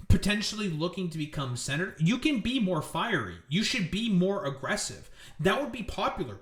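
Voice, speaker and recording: A man's voice: fairly high pitch, a bit bright, roomy sound. A man giving angry, profane commentary on political news clips, ranting at the people he covers.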